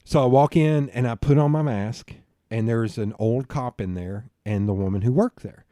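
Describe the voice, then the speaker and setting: This podcast guest recounts a long, crude story during an easygoing interview, with laughs scattered through it. His voice is medium in pitch and dark in tone at normal speed, in a dry, clean studio recording.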